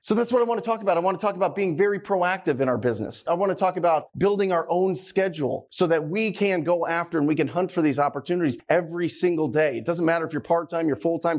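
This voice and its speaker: Energetic man giving a motivational talk. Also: a little high. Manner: energetic, emphatic, repeats key phrases. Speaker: real estate investing speaker.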